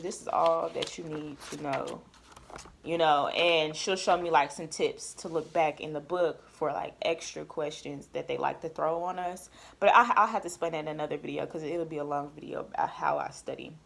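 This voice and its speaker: Chatty woman vlogger telling a story. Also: on the low side. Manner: emphatic, lively retelling with quoted dialogue. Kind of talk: casual storytime chat.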